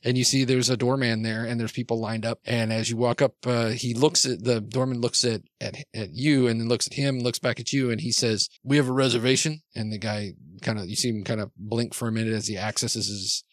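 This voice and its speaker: Guy running a tabletop game, rambly with lots of uhs, middle pitch, dry sound. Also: level tone, brisk, few pauses, no room sound. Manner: rambling, with many fillers and restarts. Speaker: game master.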